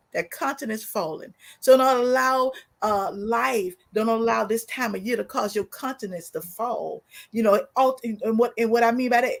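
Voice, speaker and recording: A woman co-host who preaches more than she chats, quoting scripture and stumbling over her restarts. Her voice sits a touch high, and she builds her points like a sermon. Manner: sermon-like, quotes scripture, many restarts and fillers. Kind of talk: preaching talk-show commentary.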